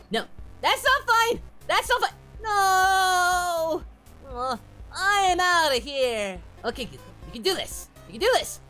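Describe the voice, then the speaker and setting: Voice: very high voice, sharp tone, exaggerated voice. A performer voicing Goku, a cheerful, dim-witted adult martial-arts hero, giving childlike, whooping commentary on a game and referring to himself in the third person. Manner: giddy, childlike, shrieks and whoops. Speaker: let's play commentator in character. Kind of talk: comedic parody game commentary.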